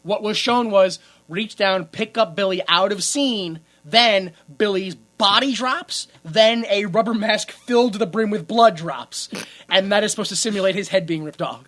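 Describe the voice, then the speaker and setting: Male podcast co-host, bright and sharp-toned, crude and laughing through a casual movie rant. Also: high-pitched, moderate pace. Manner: crude, joking, laughs often while retelling scenes.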